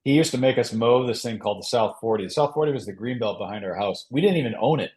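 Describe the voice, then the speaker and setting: A priest from Minnesota speaking frankly and earnestly as a guest on a podcast. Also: male voice, mid-range voice, lively intonation, fast talker, a little mellow. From Minnesota, United States. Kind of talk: casual podcast interview.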